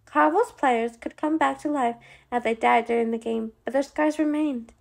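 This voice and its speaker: High-voiced woman narrating a novel. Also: moderate pace, vocal fry. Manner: expressive reading with small slips. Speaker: audiobook narrator. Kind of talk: scripted narration.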